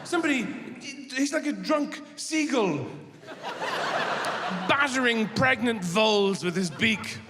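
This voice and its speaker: A middle-aged Irish man doing stand-up, rambling and halting, then bursting into shouted rants. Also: very high-pitched, expressive. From Ireland. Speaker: stand-up comedian. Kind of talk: stand-up comedy. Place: large theatre stage. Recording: live theatre with long reverb and audience noise.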